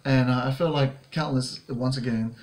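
A man's voice: mid-range voice, steady tone, moderate pace. A man co-hosting a music video reaction, talking in an easygoing, filler-heavy way and wrapping up with channel plugs. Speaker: YouTube reaction co-host. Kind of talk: casual reaction chat. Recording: music video playing loudly behind.

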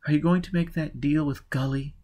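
A man reading an audiobook, voicing a distressed, ashamed woman with a soft, weary manner. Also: mid-range voice, big pitch swings, a little fast, husky, voice pushed up, exaggerated voice.

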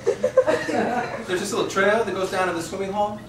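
A comedian telling rambling, affectionate anecdotes about a friend, full of filler words. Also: male voice, high voice, normal speed, echoey room, distant mic, noisy background. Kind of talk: storytelling testimonial.

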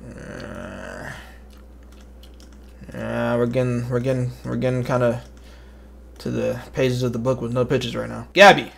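Gravelly young male streamer. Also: mid-range voice, little pitch movement, unhurried, pauses often, a bit bright. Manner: slangy, joking, muttered asides. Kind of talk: casual livestream commentary.

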